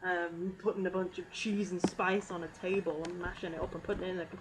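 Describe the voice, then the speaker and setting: Woman streamer, slightly low voice, giggly and rambling, over clear background noise. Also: flat delivery, a little fast. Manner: rambling, giggly, lots of fillers. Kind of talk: casual meme review commentary.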